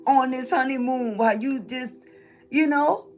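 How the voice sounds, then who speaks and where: A spiritual reader from New Orleans, Louisiana, chats casually and laughs often during a tarot reading live stream. Her voice sits high with a darkish tone, a little slow, and there's a slight hiss or hum.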